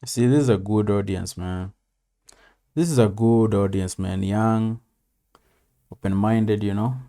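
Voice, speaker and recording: A man's voice: on the low side, a little slow, dark tone. A man casually commenting on a video, laid-back, swearing and saying "man" often. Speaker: reaction video host.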